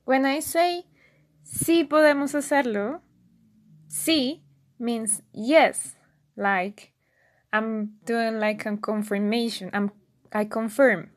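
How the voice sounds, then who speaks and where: A woman teaching a beginner language lesson, patiently repeating words slowly and clearly for learners. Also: a little high. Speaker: Spanish teacher.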